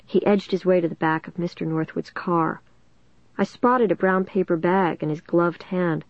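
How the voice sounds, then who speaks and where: A woman's voice: lowish voice, normal speed, no echo, muffled recording. A woman narrating a first-person storybook in a tense, suspenseful reading. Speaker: audiobook narrator.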